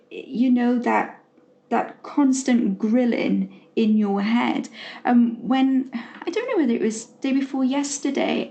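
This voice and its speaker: Lady co-host, slow gentle chat, lots of ums and restarts. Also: on the high side. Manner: gentle, reflective, many fillers and restarts. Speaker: podcast co-host. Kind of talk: casual chat.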